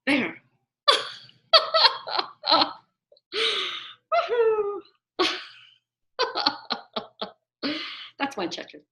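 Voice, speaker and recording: A woman sharing her check-in on a video call, chatty and expressive. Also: very high-pitched, extremely slow, long pauses, poor audio. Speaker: group participant. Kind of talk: casual online group check-in.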